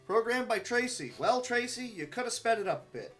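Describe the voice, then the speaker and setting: A man's voice: extremely high pitch, animated, fast talker, hardly any pauses, faint music behind. A man speedrunning a game live, giving muttered, wry running commentary to himself.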